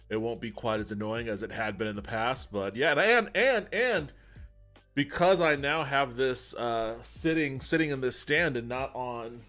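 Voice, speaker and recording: A man's voice: medium pitch, a bit bright. A man from Texas hosting his podcast livestream, rambling casually and a bit profanely into a USB desk mic at home. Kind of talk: casual solo livestream chat. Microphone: USB desk mic on a stand.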